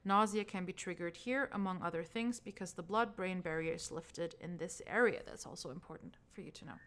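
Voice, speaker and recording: A woman's voice: fairly low pitch, brisk, a bit bright. Chatty woman teaching brain anatomy. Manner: casual, chatty, laughs at own slips. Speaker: trauma healing instructor. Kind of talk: recorded course lecture.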